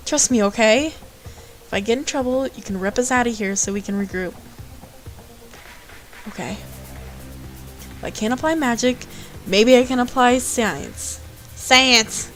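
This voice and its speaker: A woman's voice: medium pitch, low-quality recording. Playful woman reading a game aloud. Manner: playful, joking asides. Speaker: streamer. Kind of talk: reading a visual novel aloud.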